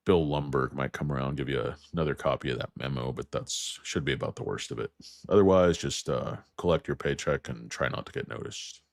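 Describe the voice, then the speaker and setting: A man with a very deep voice hosts a stock market show in a loose, rambling way. He makes crude, self-mocking jokes and rattles off stock moves in a flat list. The sound is dry and close, with almost no room. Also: brisk, no room sound. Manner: crude, self-mocking, riffs into jokey tangents. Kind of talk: rambling casual market chat.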